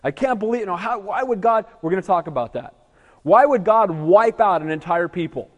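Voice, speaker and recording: A man's voice: sits high, expressive, a little fast. A male pastor preaching an evening sermon, emphatic and calling for amens from the congregation. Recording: echoey hall reverb.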